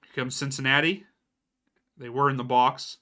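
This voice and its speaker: A man's voice: mid-range voice, fairly even intonation, moderate pace, pushed and bright. A young adult man doing casual live match commentary for a watchalong stream, reacting to plays and answering viewers by name. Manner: casual, reacts to plays and reads out chat names.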